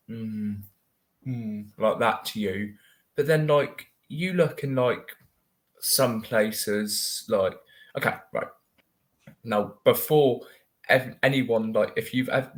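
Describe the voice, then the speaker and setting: A man joins a casual chat, laughing often as he talks. He speaks slowly and rambles, leaning heavily on "like" as a filler. His pitch stays in the ordinary middle range.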